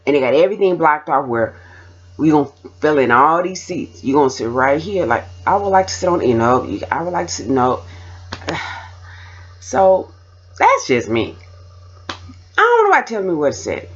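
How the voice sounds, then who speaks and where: A woman's voice: sits low, big pitch swings, normal speed, pauses often, husky, highs cut off. A woman vlogger chatting casually and rambling to her camera.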